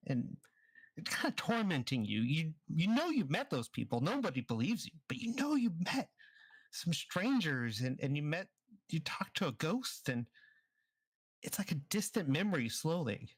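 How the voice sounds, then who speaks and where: A man's voice: a little high, dry recording. A man running a tabletop game as dungeon master, narrating scenes in the second person over an online voice chat mic.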